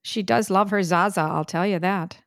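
A woman co-hosting a casual family podcast, telling stories in a chatty, animated way. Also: medium pitch, normal speed, gravelly, dry recording, studio quality. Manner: chatty storyteller, animated retelling. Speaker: podcast co-host, mother. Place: New York City.

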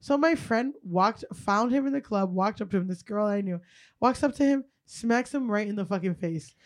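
A young woman co-hosting a podcast, telling a profane, animated story and acting out what people said. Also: medium pitch, normal speed. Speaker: podcast co-host. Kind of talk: casual comedic storytelling.

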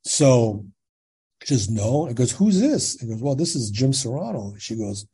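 A slightly rough, mid-range voice belongs to this Californian man in his sixties, who tells his own story in conversation as a podcast guest at a normal speed. He animatedly performs the dialogue and regularly asks "right?".

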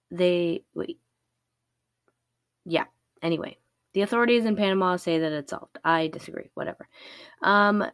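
Slow, raspy-throated woman hosting a podcast. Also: on the low side, dry recording, clean studio sound. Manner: rambling, swears casually, self-deprecating. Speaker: podcast host. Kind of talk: casual true-crime podcast chat. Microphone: laptop recording.

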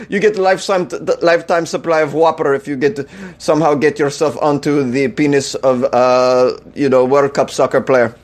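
A man's voice: a little high, fairly even intonation, moderate pace. A man hosting a comedy news segment, mocking the stories with incredulous remarks and frequent laughter.

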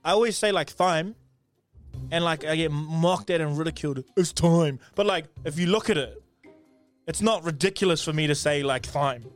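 A man's voice: a little high, brisk, soft background music. A man hosting a podcast, chatting casually and telling jokey stories. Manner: joking, laughing, animated storytelling. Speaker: podcast host. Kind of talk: casual chat.

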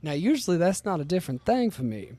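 A man on a podcast chatting quickly and jokingly about practicing his lines. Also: high voice, big pitch swings, warm tone, no room sound. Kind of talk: casual chat.

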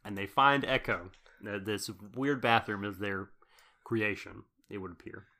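A man's voice: lowish voice, unhurried, pushed and bright. A man co-hosting a podcast, recapping a show episode in casual chat, rambling with fillers and laughing often. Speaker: podcast co-host.

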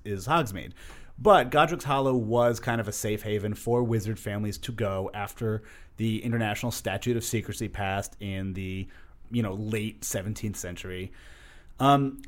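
A young man co-hosting a podcast, talking casually and animatedly with lots of fillers. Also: mid-range voice. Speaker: podcast co-host. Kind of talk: casual chat.

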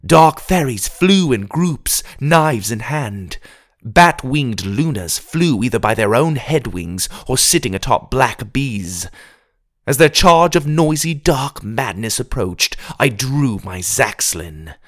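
A man narrating a fantasy storybook in the first person with a dramatic, animated reading. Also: mid-range voice, takes it slowly.

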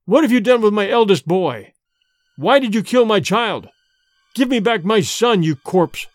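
A man voicing a stern, grief-stricken family head who shouts fierce commands. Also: a little high, big pitch swings, unhurried, dry recording. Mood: furious.

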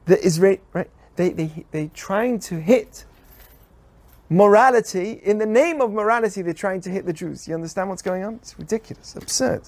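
High-voiced rabbi teaching animatedly. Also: male voice, moderate pace. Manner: animated, with rhetorical questions. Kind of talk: teaching a weekly Torah lesson on a podcast.

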